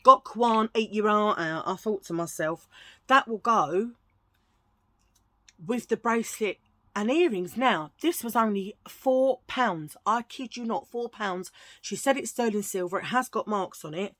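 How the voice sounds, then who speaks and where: A woman's voice: mid-range voice, unhurried, fairly bright tone, no room sound. A woman chatting casually through a thrift-shop haul at home, gushing and rambling with restarts. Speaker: vlogger showing a thrift haul.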